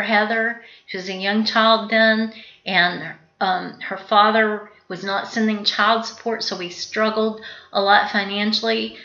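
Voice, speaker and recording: A middle-aged woman preaching a sermon in an earnest way, slowing down to stress the scripture she quotes. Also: mid-range voice, pushed and bright, roomy sound, highs cut off.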